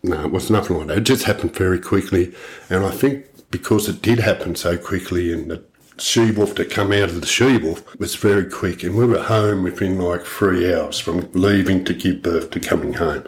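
A man's voice: sits low, moderate pace, slight background noise. A man co-hosting a podcast, telling a story bluntly and swearing heavily as he goes. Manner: blunt, heavy swearing, animated retelling. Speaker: podcast co-host. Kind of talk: casual storytelling chat.

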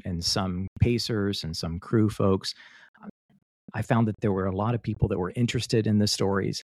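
Low-voiced man in earnest podcast chat. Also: a little mellow, no echo. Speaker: podcast co-host.

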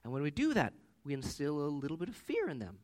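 Pastor, 30s, man; lively, swooping delivery, chatty sermon full of family anecdotes. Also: a little high, fast. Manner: animated, conversational with personal anecdotes.

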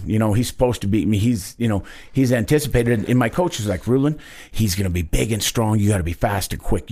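A man in his fifties from Wyoming, a guest in an interview, telling a story earnestly and acting out the quotes. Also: fairly low pitch. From Wyoming, United States. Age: 50s. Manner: earnest, animated retelling with acted quotes. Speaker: guest, Olympic wrestler.

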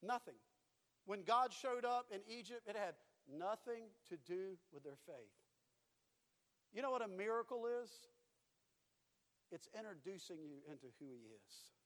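A man's voice: sits high, lively intonation, unhurried, long pauses, a bit bright, in a large hall. A man preaching a sermon as pastor, emphatic and repetitive, moving into storytelling. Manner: emphatic preaching with repeated phrases, dropping to storytelling.

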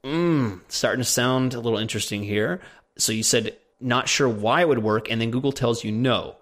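A man's voice: mid-range voice, normal speed, fairly bright tone. A man co-hosting a casual question-and-answer show, reading out listener questions and teasing his co-host. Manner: joking, teasing. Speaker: podcast co-host.

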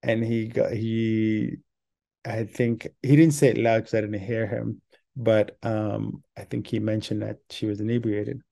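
A man's voice: on the low side, flat delivery, unhurried, gravelly, mellow. A man hosting a casual solo podcast, rambling with many fillers and restarts, and acting out the voices in his story. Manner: acts out quoted voices in an anecdote. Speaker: podcast host.

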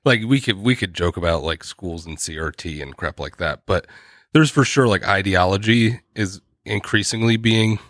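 A man's voice: sits low, moderate pace, fairly bright tone, no echo, clean studio sound. A man co-hosting a podcast, chatting casually, often stopping and restarting his sentences and laughing mid-thought. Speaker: podcast co-host. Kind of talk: casual chat.

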